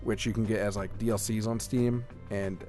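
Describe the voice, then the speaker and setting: A man co-hosting a casual gaming podcast, rambling with lots of fillers and getting excited about what he likes. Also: on the low side, normal speed, faint music behind. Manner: rambling, filler-heavy, enthusiastic. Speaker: podcast co-host. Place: home room with a shelf of collectibles.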